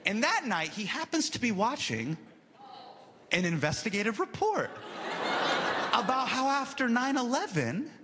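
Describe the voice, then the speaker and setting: A man doing animated stand-up storytelling on a live stage, acting out the people in his story. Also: fairly high pitch. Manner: animated, acts out characters. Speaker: stand-up comedian. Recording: loud live crowd and noise.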